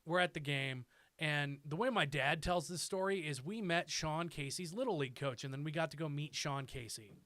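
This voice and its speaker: A man's voice: on the high side, moderate pace, no echo. A man in his thirties, a comedian guest on a podcast, telling stories animatedly with lots of swearing and acted-out voices. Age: 30s. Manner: animated storyteller, profane, acts out quoted voices. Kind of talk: casual podcast chat.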